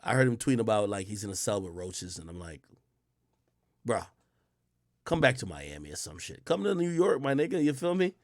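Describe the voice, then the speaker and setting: A man's voice: fairly low pitch, big pitch swings, fairly quick, long pauses, no echo, clean studio sound. A young man hosting a livestream, ranting casually and heatedly, full of profanity and rhetorical questions. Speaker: livestream host.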